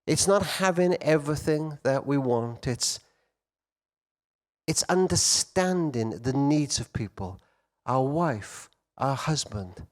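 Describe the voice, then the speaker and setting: A middle-aged man telling stories to an audience of men at a conference, swinging between loud emphasis and hushed quiet. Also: medium pitch, expressive, takes it slowly. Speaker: conference speaker. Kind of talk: storytelling talk to men.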